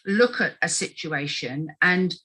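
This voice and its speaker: A middle-aged woman with a fairly low voice talks through her coaching work in a relaxed interview. She is animated, slipping into quick voices as she quotes people. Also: slightly rough, poor audio. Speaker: health coach guest. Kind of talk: casual conversational interview.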